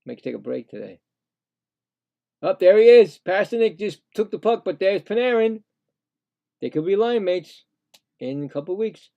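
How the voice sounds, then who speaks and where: A man giving casual, excitable play-by-play of a hockey game, indignant and rambling with frequent restarts. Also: high-pitched, unhurried, vocal fry, pauses often. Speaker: live play-by-play streamer.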